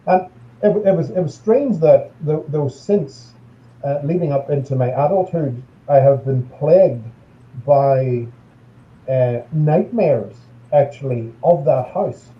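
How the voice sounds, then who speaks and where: An Irish man, a guest paranormal investigator, telling a story on a video call in a halting, measured way, often repeating words. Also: a little high. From Ireland. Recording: dull lo-fi call audio, echoey room.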